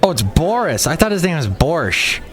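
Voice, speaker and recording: A man's voice: a little high, sing-song, normal speed, fairly bright tone, faint music behind. Rambling sarcastic male podcast host. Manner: sarcastic, rambling, self-deprecating. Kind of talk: solo comedy podcast monologue.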